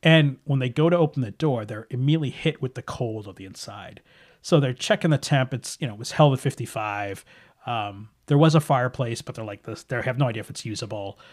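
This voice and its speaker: A man's voice: mid-range voice, brisk. Chatty man narrating a horror game. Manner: casual, chatty, trails off and restarts. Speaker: game master.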